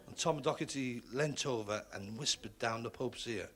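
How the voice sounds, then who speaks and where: A man's voice: mid-range voice, normal speed, noisy background. A male stand-up comedian who tells jokes and chats with the audience, in 1970s TV studio audio. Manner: chatty, talks to the audience. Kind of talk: stand-up joke telling with audience banter.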